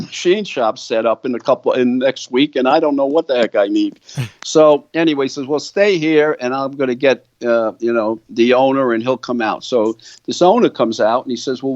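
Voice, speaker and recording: A man's voice: mid-range voice, moderate pace, no echo, muffled recording. An older man, a guitar company founder telling a long story in an interview, acting out what others said. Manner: animated storyteller, quoting others' words.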